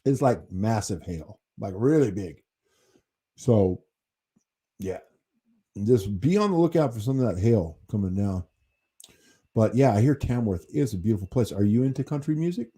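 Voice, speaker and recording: A man's voice: lowish voice, expressive, normal speed, pauses often, warm tone, slightly rough. An American man hosting his own channel, chatting casually with viewers in a rambling, easygoing way that includes casual swearing. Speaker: channel host reading chat. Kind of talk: casual livestream chat.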